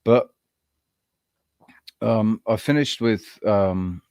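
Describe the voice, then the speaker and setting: A man co-hosting a podcast, telling a personal story in a rambling, halting way with frequent restarts. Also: fairly low pitch, a little mellow, smooth, no room sound, studio quality. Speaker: podcast co-host. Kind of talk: casual chat.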